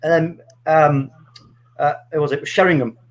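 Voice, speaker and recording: A middle-aged man telling a story in casual chat, animated and swearing freely. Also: fairly high pitch, normal speed. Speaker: podcast co-host.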